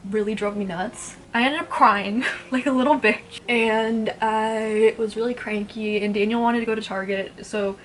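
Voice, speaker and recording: A woman's voice: fairly high pitch, steady tone, normal speed, hardly any pauses, slight background noise. A woman in her twenties chatting casually at home while doing her makeup, rambling and blunt, swearing freely. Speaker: beauty vlogger. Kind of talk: casual get-ready-with-me chat.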